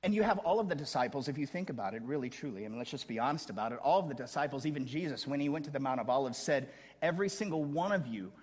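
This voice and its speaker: A man preaching a sermon as a pastor, dramatic, dropping to a hush and then rising to a shout, with casual joking asides. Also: mid-range voice, lively intonation, racing, few pauses, slightly rough, long reverb tail.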